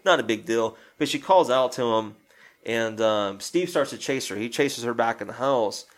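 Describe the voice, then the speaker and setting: A man's voice: medium pitch, moderate pace. A man in casual chat, retelling a film scene by scene through quoted lines, with a rambling, profane way of talking.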